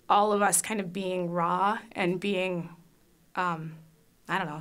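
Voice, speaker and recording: A woman's voice: lowish voice, fairly bright tone. A foster mother giving a candid, emotional faith testimony, with frequent fillers and restarts. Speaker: foster parent.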